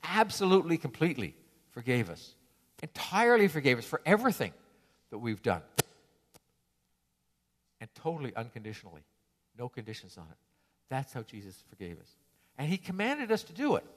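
A man's voice: mid-range voice, huge pitch swings, fairly quick, long pauses. A male preacher giving a sermon in a conversational, storytelling way, with frequent restarts. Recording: reverberant hall.

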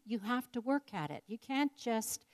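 A woman's voice: a little high, lively intonation, a little slow. Older woman telling a reflective story. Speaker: speaker sharing a personal story. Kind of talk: personal devotional talk.

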